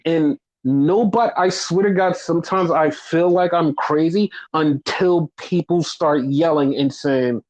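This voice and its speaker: A man's voice: a little high, a little slow, few pauses, darkish tone, muffled recording. A man co-hosting a wrestling podcast, ranting with heavy swearing and exasperation, mocking fans in quoted voices. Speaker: podcast co-host.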